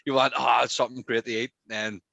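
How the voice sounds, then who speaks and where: A young man with a Northern Irish accent, a podcast guest telling work stories in casual chat, animated and quick to laugh. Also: mid-range voice, gravelly, dry recording.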